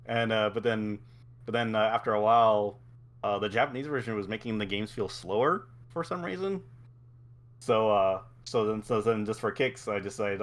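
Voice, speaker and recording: Giggly low-voiced man chatting. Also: brisk, fairly bright tone. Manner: giggly, laughs often, many restarts. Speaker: podcast co-host. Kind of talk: casual chat.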